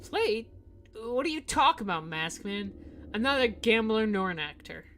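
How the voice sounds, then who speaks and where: A man's voice: sits high, lively intonation, moderate pace, fairly bright tone. A woman reading the lines of a wary male doctor in a game, in a plain, blunt way. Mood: puzzled.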